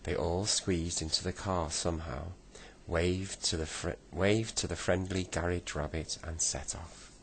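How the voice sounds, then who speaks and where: A man reading a bedtime story aloud, slow and deliberate. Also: deep voice, steady tone, a little hiss or hum.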